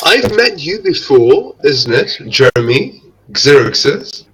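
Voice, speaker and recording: Lively, puzzled man in voice chat. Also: medium pitch, slow pace. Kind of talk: casual voice chat.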